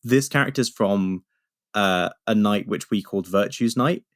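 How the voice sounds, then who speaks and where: A man's voice: fairly low pitch, measured pace, no echo, studio quality. A young man co-hosting a podcast, telling stories in a rambling way with many restarts. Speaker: podcast co-host. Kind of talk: casual chat.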